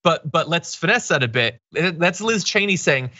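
A man's voice: a little high, lively intonation, moderate pace, pushed and bright, dry recording, highs cut off. A man hosting a political commentary show, talking through the news in a conversational, emphatic way with restarts.

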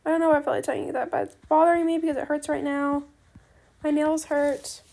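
A woman with a high, creaky voice chats loosely as she plays a game. She rambles from thought to thought, tosses in slang like bestie and slay, and apologizes and gushes freely. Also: steady tone, fast talker, a little mellow. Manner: apologetic, gushing reactions to other players. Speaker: gaming video creator. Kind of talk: casual chat while playing a game.

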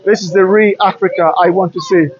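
Speaking briskly with fairly even intonation, a high-voiced man with a British-influenced Nigerian accent vlogs his walk through city streets, full of enthusiasm and opinions. The handheld smartphone recording is lo-fi, with a little hiss or hum.

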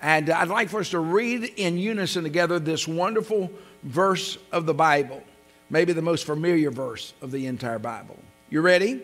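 A man preaching a sermon as pastor. He builds up to loud, drawn-out scripture readings and sinks to a soft voice in prayer. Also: faint music behind. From came to North Carolina at seventeen. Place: church sanctuary. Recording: long reverb of a church hall with a low mains hum.

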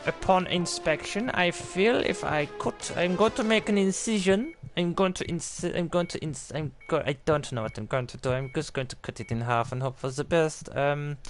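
Man, live game stream commentary, playful rambling mock-surgeon talk, slightly high pitch, faint music behind. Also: moderate pace, hardly any pauses.

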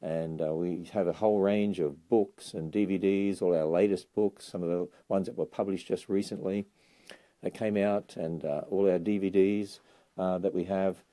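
A man's voice: low voice, steady tone, normal speed, dark tone. A man in his sixties with an Australian accent, chatting casually and enthusiastically on a livestream from inside a bookstore. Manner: enthusiastic, chatty, lots of uh fillers. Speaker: ministry leader giving a livestream tour. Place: bookstore indoors.

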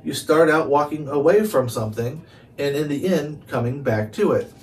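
A man's voice: on the high side, normal speed, natural voice. A man voicing a sly, unflappable talking cat in a storybook read-aloud, with a dry, conversational manner. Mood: dry, smug. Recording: distant mic, faint hiss.

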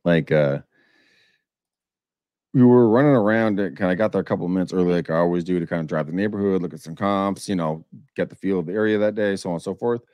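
A man's voice: low voice, quick pace, smooth, dry recording. A man hosting a live real estate show, chatting crudely and joking while he makes cold calls. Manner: crude, joking, swings loud when excited. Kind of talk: casual live-stream banter while cold calling.

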